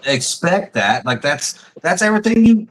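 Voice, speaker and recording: A man hosting a casual interview, relaxed and prompting his guest with short questions. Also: sits high, moderate pace, a little hiss or hum, poor audio. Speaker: host.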